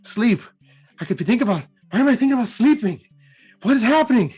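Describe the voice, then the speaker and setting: A man's voice: extremely high pitch, very animated, fast talker, a little mellow, husky, soft background music, voice pushed up, full character voice. A man voicing a weary male mage who sinks toward sleep and then frets aloud. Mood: frantic.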